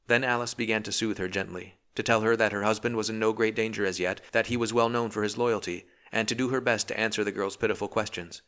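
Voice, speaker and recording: Male narrator, very low voice, bright tone, measured storybook reading. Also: little pitch movement. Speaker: audiobook narrator. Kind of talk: scripted narration.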